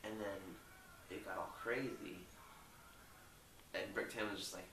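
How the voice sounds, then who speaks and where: A man's voice: low-pitched, steady tone, a little slow, echoey room, recorded from a distance, background noise. A young man loosely retelling a movie plot, rambling with lots of filler words. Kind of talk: rambling casual movie recap.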